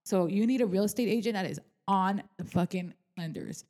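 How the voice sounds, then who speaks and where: This real estate agent, a young adult woman, co-hosts a casual podcast in a mid-range voice at a fairly quick clip. Her retelling is candid and animated, full of swearing and filler words, with quoted dialogue acted out.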